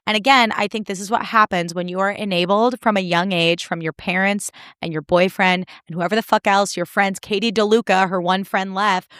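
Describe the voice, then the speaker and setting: A young woman hosting a solo podcast, recapping reality TV in animated, indignant, sarcastic talk with plenty of swearing. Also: mid-range voice, brisk, few pauses, clear, resonant tone, no echo, studio quality. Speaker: podcast host.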